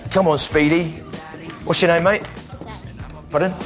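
High-pitched guy preaching in church, lively, shouting out to the crowd, faint music underneath. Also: unhurried. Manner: energetic, calls out to the crowd, bursts into shouts. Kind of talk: lively sermon calling up volunteers.

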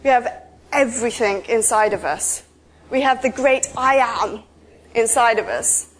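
A woman giving an informal, chatty sermon, telling stories with lively asides. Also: on the high side, a little slow. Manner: chatty, animated storytelling with asides. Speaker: preacher.

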